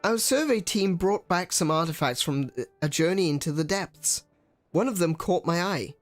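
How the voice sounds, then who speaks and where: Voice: mid-range voice, lively intonation, moderate pace, faint music behind, voice pushed up, natural voice. A streamer voicing an eccentric older male inventor in a game, fussy and stammering, fretting over his young student. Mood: fussy, excitable.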